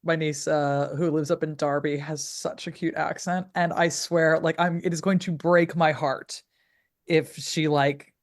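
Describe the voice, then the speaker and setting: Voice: mid-range voice, level tone, measured pace. Gushing co-host with a mid-Atlantic accent. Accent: mid-Atlantic, between American and English. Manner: enthusiastic, gushing, playful. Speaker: podcast co-host. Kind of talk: casual chat. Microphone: video call.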